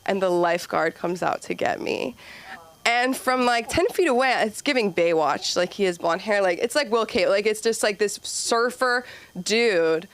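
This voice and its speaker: A woman in her twenties doing a rambling stand-up set at an open mic, acting out kids in squeaky voices. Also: animated, normal speed. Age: 20s. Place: comedy club stage.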